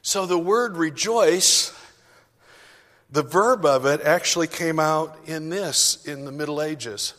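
A man with a higher-leaning, fairly bright voice preaches slowly to his congregation in a church sanctuary. His sermon is chatty and self-deprecating, full of asides, and the hall's reverb lingers long.

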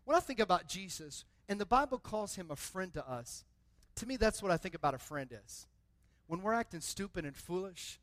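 A man preaching a sermon to his church, building from a quiet, conversational delivery to loud, emphatic passages with lots of repetition. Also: high voice, very animated, brisk, no room sound. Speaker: pastor.

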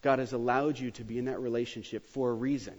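A man in his thirties preaching a sermon in a church, joking and emphatic, his voice rising sharply when excited. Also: mid-range voice, quick pace. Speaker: pastor. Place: church sanctuary. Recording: dull sound with long hall reverb.

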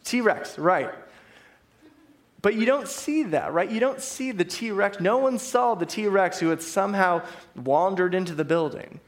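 A man's voice: high-pitched, expressive, measured pace. A man preaching a conversational sermon on a psalm, often checking in with listeners by asking "right?".

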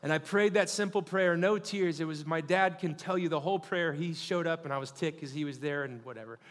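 A man in his thirties preaches a sermon in a fairly high-pitched voice with a long reverb tail. He calls out to the congregation in call-and-response fashion, building to peaks of fervent shouting.

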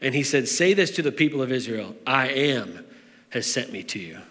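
A man's voice: mid-range voice, lively intonation, normal speed, fairly bright tone, long reverb tail. A man preaching a sermon in a church, talking in a conversational way with fillers and restarts. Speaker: pastor.

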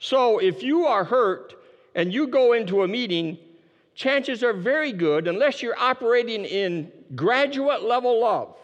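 Man preaching, high voice, very animated pitch, long hall reverb, emphatic repeats. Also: measured pace, lo-fi sound. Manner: emphatic, repeats key phrases, drops low for emphasis. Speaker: pastor. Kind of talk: sermon.

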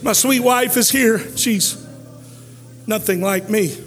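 A male pastor preaches in a big camp meeting hall, his voice sitting very high as he shouts and half-sings the big lines. Between peaks he drops low for storytelling. Long reverb trails every phrase while soft music plays underneath. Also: slow. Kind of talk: shouted Pentecostal sermon.

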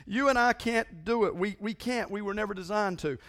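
A man's voice: high voice, fairly quick, fairly bright tone. A man preaching a sermon in a conversational, emphatic way, often repeating himself. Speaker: pastor.

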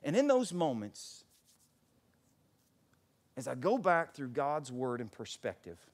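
Speaking slowly at a mid-range pitch with large swings in intonation, a middle-aged pastor delivers his sermon. Fervent, almost shouted stretches give way to hushed, personal stories, and he performs voices for the people he quotes.

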